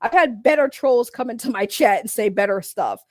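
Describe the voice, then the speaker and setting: Woman, live-stream drama commentary, crude and mocking, high voice, dry sound. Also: lively intonation, moderate pace, darkish tone, dry recording. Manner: profane, blunt, mocking. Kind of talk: casual live-stream rant.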